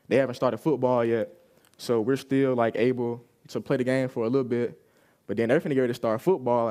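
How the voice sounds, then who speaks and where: A young man shares a personal testimony in an easy, conversational way, slipping into the voices of the people in his story as he tells it. His voice sits at an ordinary middle pitch for a man. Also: a little mellow, clear, resonant tone. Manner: casual storytelling, acting out quoted lines. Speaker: youth service speaker.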